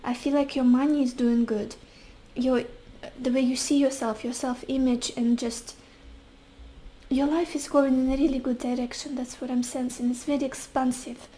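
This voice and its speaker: A woman giving a tarot reading to camera, talking softly with many pauses and fillers. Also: high-pitched, little pitch movement, low-quality recording. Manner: soft, searching, often pausing with fillers. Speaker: tarot reader.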